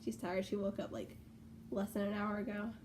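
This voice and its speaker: A young woman rambling casually in a home vlog, full of fillers and excited asides. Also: mid-range voice, normal speed, slight background noise. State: out of breath. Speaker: vlogger. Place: bedroom at home.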